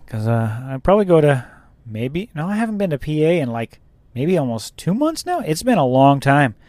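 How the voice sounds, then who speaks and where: A man's voice: on the high side, very animated, moderate pace, darkish tone, no room sound. A man who drives a truck, chatting casually and rambling about his day on the road. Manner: rambling, laughs at own story. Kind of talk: casual chat.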